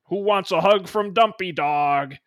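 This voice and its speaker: A man voicing a stoned, strung-out man in a dog mascot costume who talks slowly and lazily. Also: high-pitched, a bit bright, no echo, clean studio sound. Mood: drawling.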